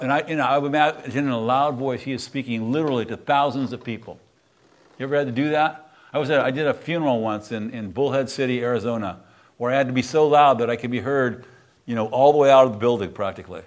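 A middle-aged male pastor preaching a sermon, reading scripture aloud and then retelling it with rising, animated emphasis. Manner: animated, rising in pitch and volume when retelling a quoted testimony.

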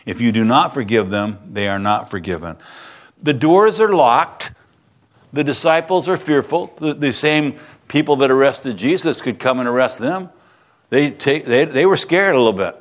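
A middle-aged male pastor preaching in a loose, chatty way, padding his points with fillers. His voice climbs high and loud when he gets excited, then drops low and quiet when he turns gentle. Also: normal speed. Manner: conversational, animated, with frequent fillers and sudden bursts of excitement. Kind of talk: sermon.

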